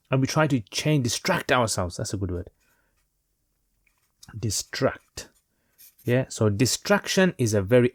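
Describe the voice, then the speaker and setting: Calm man explaining a religious lesson. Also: medium pitch, no echo, clean studio sound. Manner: unhurried, reflective explaining with fillers. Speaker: Islamic teacher.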